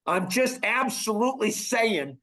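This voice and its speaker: An older man hosting a casual podcast, talking emphatically and swinging between loud bursts and hushed asides. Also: high-pitched, lively intonation, unhurried. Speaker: podcast host.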